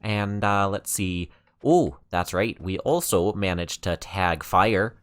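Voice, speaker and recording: A man with a deep, slightly bright voice speaks slowly in let's-play commentary, putting on an exaggerated Canadian accent as a gamer. He's chatty and rambles with lots of fillers.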